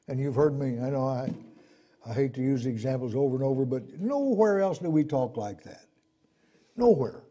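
A man preaching a sermon, swinging between loud emphatic points and low asides, acting out the people he quotes. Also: animated, normal speed, breathy edge.

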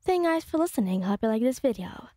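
Woman, casual rambling storyteller, fairly high voice, breathy, dry close sound. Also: sing-song, fast talker, mellow, dry recording. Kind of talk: second-person fan story narration.

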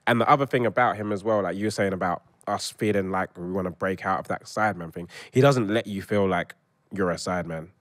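A British man guesting on a casual podcast, speaking quickly and earnestly. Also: deep voice, dry recording, studio quality.

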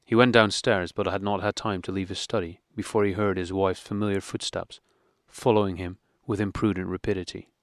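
A man reading a classic novel aloud as an audiobook, in a steady, measured way. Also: sits low, no room sound, studio quality. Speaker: audiobook reader.

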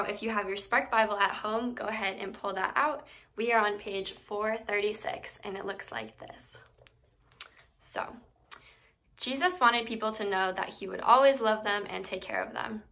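A woman's voice: medium pitch, creaky, bright, forceful tone. A woman teaching a children's Bible lesson, reading a story and then explaining a craft step by step in a friendly way.

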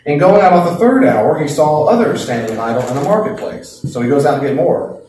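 Folksy Bible teacher in an echoey room. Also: male voice, fairly high pitch, fairly quick, slight background noise. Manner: lively, folksy, acts out the parable's voices. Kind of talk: Bible class lecture. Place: classroom. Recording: echoey classroom from a distant mic.

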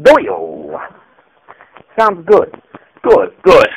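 A man's voice: high-pitched, very animated, unhurried, a little hiss or hum, low-quality recording. A man performing a comedic improvised skit, brash and profane, stumbling over himself with fillers. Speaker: parody performer.

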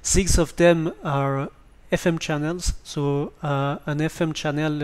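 Slow, hesitant man with a French accent. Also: a little high, fairly even intonation, slight background noise. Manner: hesitant, many ums and restarts. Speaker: tutorial presenter. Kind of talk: hesitant spoken tutorial. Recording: basic standard microphone.

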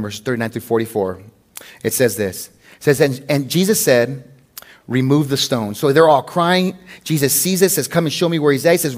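A man preaching a sermon as pastor, mixing scripture reading with conversational, humorous personal stories. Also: medium pitch. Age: adult with a wife. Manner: conversational, animated storytelling with humor.

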